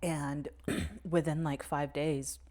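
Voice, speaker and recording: Young woman, low voice, podcast co-host, candid and sweary, tells a personal story with nervous laughs. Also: flat delivery, slow pace, warm tone. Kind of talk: casual conversation.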